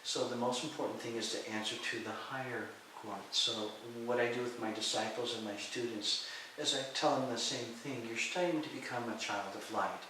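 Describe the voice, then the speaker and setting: A middle-aged man telling lively stories in an interview, acting out the voices of people he quotes and laughing often. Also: mid-range voice, fairly quick, hardly any pauses. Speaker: interview guest, martial arts and healing teacher. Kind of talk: storytelling in a conversational interview. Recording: echoey room, far from the mic, faint hiss.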